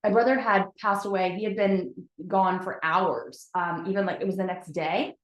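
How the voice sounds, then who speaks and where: A woman's voice: mid-range voice, fairly even intonation, moderate pace. A woman giving a candid, chatty motivational talk to a live audience, speaking straight to her viewers. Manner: candid, chatty, addresses viewers as "you guys". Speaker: host of a weekly motivational live video. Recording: roomy echo.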